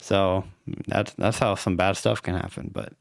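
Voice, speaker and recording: Easygoing young man, low dry voice. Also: steady tone, a little slow, gravelly, no room sound. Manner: easygoing, hedging, trails off. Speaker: podcast co-host. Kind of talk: casual chat.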